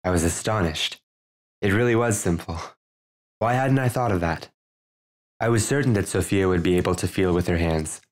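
Low-voiced man narrating his memoir. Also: moderate pace. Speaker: author narrating his own book. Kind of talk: audiobook narration.

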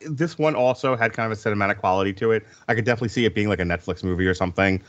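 A man's voice: on the low side, very fast. A man co-hosting a podcast in casual chat, joking and rambling, with a little swearing. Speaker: podcast co-host. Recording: dull lo-fi sound.

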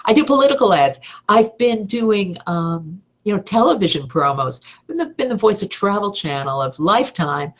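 A middle-aged woman teaching a voice-over seminar, energetic and emphatic in an upbeat way. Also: medium pitch, moderate pace, few pauses. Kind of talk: seminar talk.

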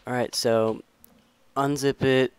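A man's voice: mid-range voice, slow, a little hiss or hum. A young man giving a casual, rambling game modding tutorial, often correcting himself as he walks through the steps. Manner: rambling, self-correcting, relaxed instructions. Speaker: tutorial maker.

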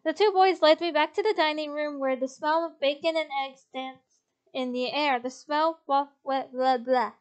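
A woman with a high, bright voice reads a romance game aloud from her desk mic. She giggles often and keeps up a running commentary between lines. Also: moderate pace. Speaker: game streamer. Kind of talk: reading a visual novel aloud with commentary.

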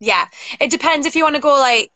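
Woman chatting away, laughs lots, slightly high voice. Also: brisk, sharp tone, no room sound, low-quality recording. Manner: chatty, laughs often, playful about accents. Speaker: guest performer. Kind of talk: casual chat.

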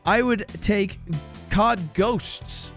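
Very slowly, in a high-sitting voice, an Irish man rants about viewer opinions on his gaming channel. His tone is exasperated, profane and animated, and faint music sits behind him.

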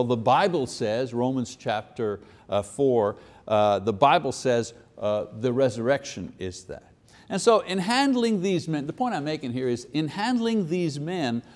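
A man teaching a Bible lesson in a casual, conversational way, slipping into quick voices for people in the story. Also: fairly high pitch, darkish tone.

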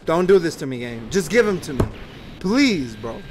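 Over music, a young mobile-game channel host with a voice on the high side talks at normal speed while pulling summons. His commentary is casual and excitable, laced with frequent swearing, and swings between gloomy mumbling and yelling.

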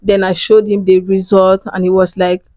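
A woman's voice: medium pitch, monotone, moderate pace, dark tone, dry recording. Young Nigerian woman telling an emotional story. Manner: emotional, candid retelling with quoted dialogue and rueful laughs. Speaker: vlogger. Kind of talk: story time vlog.

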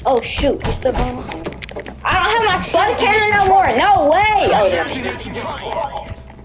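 A high-voiced woman rattles off excited gameplay commentary, her voice leaping up and down as she trash-talks the characters on screen. She shouts at the game in bursts. Loud game music plays steadily under her voice. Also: takes it slowly, rough recording. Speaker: gaming video creator.

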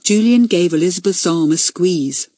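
Audiobook narrator, woman: lively, slightly breathy, close and dry. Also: fairly low pitch, moderate pace, no room sound. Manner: expressive storytelling. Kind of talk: scripted narration.

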